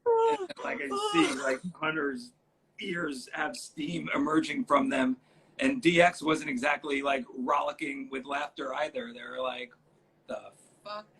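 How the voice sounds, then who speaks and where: A man telling backstage stories on a live video call, animated and playful, acting out the people in his anecdotes. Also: medium pitch, measured pace, slight background noise, low-quality recording. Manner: animated, acts out quotes in storytelling. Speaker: guest author. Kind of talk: anecdotal storytelling on a live stream. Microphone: phone or computer mic on a live video call.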